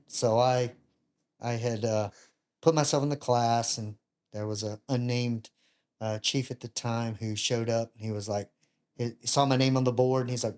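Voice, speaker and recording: A man in his fifties, a retired Navy chief and podcast guest, telling casual stories with animated, self-mocking humor and acting out other people's lines. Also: mid-range voice, moderate pace. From United States. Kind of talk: casual storytelling.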